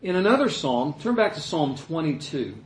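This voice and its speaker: A man preaching a sermon as a pastor, earnest and emphatic, pausing often with "uh". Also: on the high side, very animated. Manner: earnest, emphatic teaching with frequent "uh" pauses. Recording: echoey room.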